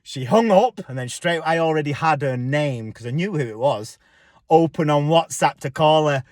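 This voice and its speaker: A young man talks straight to his viewers in a high voice, blunt and defiant, with plenty of swearing. The sound is dry, with no room echo. He delivers a loose, casual rant. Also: lively intonation, normal speed. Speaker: spiritual vlogger. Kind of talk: casual ranting monologue.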